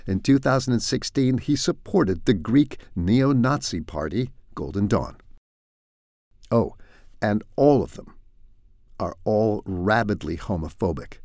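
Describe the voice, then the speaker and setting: A man's voice: on the low side, gravelly, darkish tone, dry recording. A man delivering satirical news commentary in a dry, sardonic way, full of wry asides. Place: home in France.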